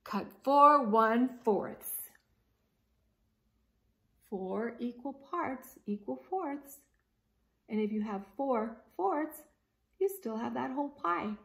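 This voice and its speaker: A woman reading a picture book aloud to a child, gentle and slow, stopping to explain. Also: fairly high pitch. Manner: frequent fillers before reading. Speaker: story reader.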